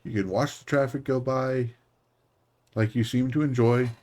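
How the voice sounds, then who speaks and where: A man's voice: medium pitch, steady tone, normal speed, darkish tone. Rambling, self-mocking male streamer. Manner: rambling, self-deprecating asides. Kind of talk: casual live-stream chat.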